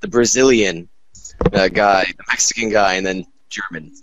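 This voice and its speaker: A man's voice: low voice, moderate pace, fairly bright tone, dull audio, slight background noise. A man chatting casually, rambling with many fillers and restarts. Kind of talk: casual chat.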